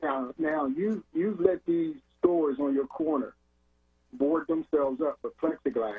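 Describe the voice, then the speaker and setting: A man's voice: a little high, measured pace. A man calling in to a radio show, earnest, laying out long everyday scenarios. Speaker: caller. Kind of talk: call-in radio. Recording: phone-line call-in.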